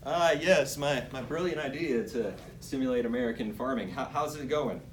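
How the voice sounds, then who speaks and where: A young man playing a fawning, flattering cabinet secretary in an amateur comedy skit, gushing and breaking into laughter. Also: medium pitch, moderate pace, roomy sound, distant mic, close to an everyday voice. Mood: worried. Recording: noisy amateur recording.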